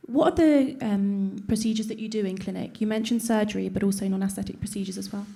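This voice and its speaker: A woman hosting a live panel, steering the guest with teasing, quick remarks. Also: mid-range voice, gravelly, mellow. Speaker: panel host. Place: event room with an audience.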